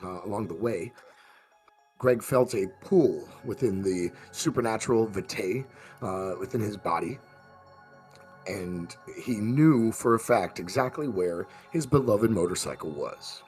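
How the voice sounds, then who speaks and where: A man's voice: lowish voice, lively intonation, measured pace, a little mellow, soft background music. A man game master recapping the last session of a tabletop game, rambling with fillers and restarts.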